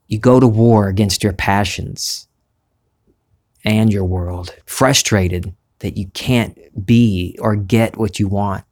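Brief: man, mild Southern accent, lowish voice, musing spiritual vlogger, unhurried. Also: steady tone, darkish tone. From Southern United States. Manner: musing, unhurried, restarts phrases, laughs easily. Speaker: spiritual vlogger, former reporter. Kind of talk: reflective spiritual monologue.

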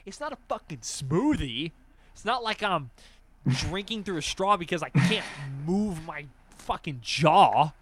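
A young man in casual chat, telling animated stories with lots of swearing and acted-out voices. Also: high voice, slow, slight background noise.

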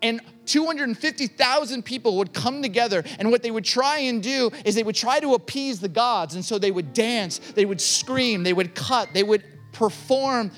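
Bright, high-voiced male preacher, impassioned. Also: normal speed, hardly any pauses, faint music behind. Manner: impassioned, building to emphatic peaks, speaks straight to the audience. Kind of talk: sermon.

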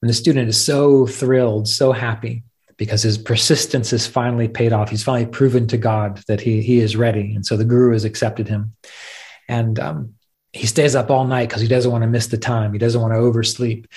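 A man's voice: medium pitch, steady tone, brisk, a little mellow. Reflective man teaching meditation. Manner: reflective, conversational, storytelling. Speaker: podcast host, meditation teacher. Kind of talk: spoken teaching talk.

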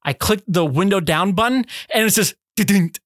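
A young man, a podcast co-host, telling a story in casual chat, animated, swearing and laughing. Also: high voice, brisk, no echo, clean studio sound.

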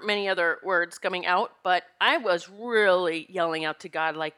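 Woman host, bright and candid, spiritual storyteller, animated and emotional. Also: fairly low pitch, moderate pace, few pauses. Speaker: podcast host and retreat leader. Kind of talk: personal spiritual talk to listeners. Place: Pennsylvania home.

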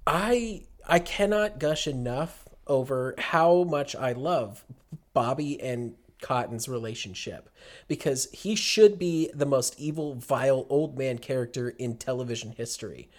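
A man's voice: mid-range voice, expressive, unhurried. A man co-hosting a casual podcast chat about a cartoon, talking with gushing enthusiasm. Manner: gushing, enthusiastic, many restarts. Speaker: podcast co-host.

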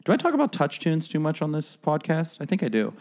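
A man's voice: a little high, huge pitch swings, quick pace, a little mellow. A man co-hosting a podcast in casual chat, rambling a bit as he tells a bar story. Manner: chatty, rambling with fillers. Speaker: podcast co-host.

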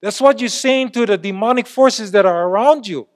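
A middle-aged man preaches a sermon as a church elder. His voice sits high for a man, and he delivers emphatic, exclamation-filled lines that drop suddenly into quiet asides. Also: normal speed. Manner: lively, emphatic, swings between loud exclamations and quiet asides.

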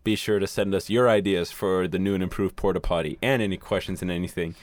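Deep-voiced man wrapping up a podcast. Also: steady tone, fast talker, no room sound. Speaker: podcast co-host. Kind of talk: podcast sign-off.

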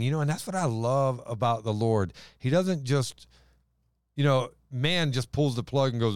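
Smooth-voiced man discussing scripture. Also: medium pitch, measured pace, dry recording, clean studio sound. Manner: animated, acts out scripture with emphatic voices. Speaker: podcast host. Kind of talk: casual Bible discussion.

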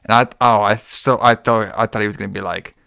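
A man's voice: lowish voice, steady tone, fairly quick, vocal fry, bright, forceful tone, no room sound, clean studio sound. A man chatting casually as a podcast co-host, recapping a movie in a rambling, profane way and acting out the characters' lines. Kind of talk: casual chat.

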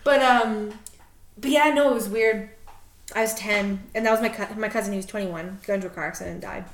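A woman's voice: medium pitch, a little fast, echoey room. Woman telling stories on a podcast. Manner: animated storyteller, laughs often, acts out her dad's gruff replies. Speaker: podcast co-host. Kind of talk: casual chat. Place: podcast studio.

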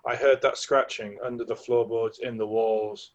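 A man's voice: medium pitch, level tone, normal speed, muffled recording. A man from England co-hosting a podcast, telling a rambling story with chuckles and restarts. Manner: rambling, self-correcting, chuckling. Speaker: podcast co-host. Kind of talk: casual chat, storytelling.

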